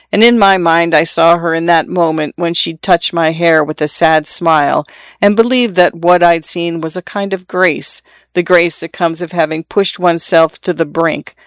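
Reading from a literary novel, this male audiobook narrator takes his time, telling the story at a measured pace. He has a smooth, resonant voice that sits a bit high for a man, captured in a dry, close recording free of room sound.

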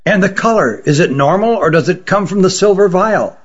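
A man's voice: high voice, expressive, brisk, husky, muffled recording, voice pushed up. A man reading a story, voicing an earnest, anxious male adventurer.

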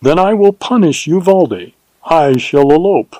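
A man's voice: a little high, lively intonation, measured pace, mellow, no echo, voice pushed up, low-quality recording. A man reading an audiobook, voicing a spirited, imperious young woman in a raised, lilting voice.

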